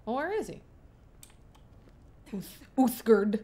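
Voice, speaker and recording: A woman's voice: on the high side, very animated, takes it slowly, mellow. A young woman streaming a game, chatting playfully to herself and to the game characters. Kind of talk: casual gameplay commentary.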